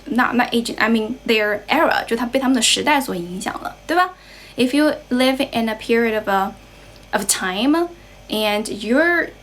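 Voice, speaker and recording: Young chinese woman tutoring english on a live stream, higher voice, chatty and patient, keeps asking right?. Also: fairly bright tone, a little hiss or hum, poor audio. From China. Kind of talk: casual livestream chat.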